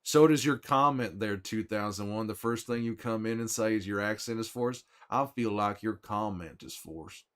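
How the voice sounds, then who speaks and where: Weary middle-aged survivor voiced by a man, drawl, low voice, folksy, livestream chat. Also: moderate pace, hardly any pauses, natural voice. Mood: easygoing. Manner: drawling, folksy, chats with viewers by name. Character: weary middle-aged male survivor, gruff but friendly. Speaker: streamer in character.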